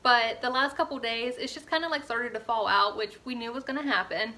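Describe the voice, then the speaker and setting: Young woman, casual vlog, chatty and earnest, bright tone. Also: fairly high pitch, a little fast. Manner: chatty and earnest, many "like"s and "you know"s. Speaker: fitness vlogger.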